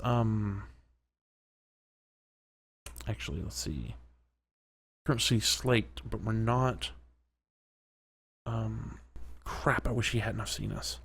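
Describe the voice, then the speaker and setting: A man's voice: on the low side, slow, gravelly, pauses often, a bit bright, slight background noise. Chatty man doing let's-play commentary. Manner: chatty, reacting aloud, sometimes whispering. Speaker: gaming commentator.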